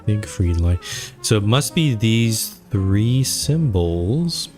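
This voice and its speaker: A man's voice: on the low side, sing-song, takes it slowly, darkish tone, soft background music. Man thinking aloud over a game. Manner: thinking aloud, reads on-screen text aloud. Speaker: streamer. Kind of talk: let's play commentary.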